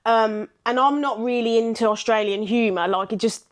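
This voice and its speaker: A woman's voice: fairly high pitch, normal speed. A woman co-hosting a podcast, chatting in a friendly way and chiming in often to back up her friend. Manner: friendly, chatty, supportive interjections. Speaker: podcast co-host. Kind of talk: casual chat.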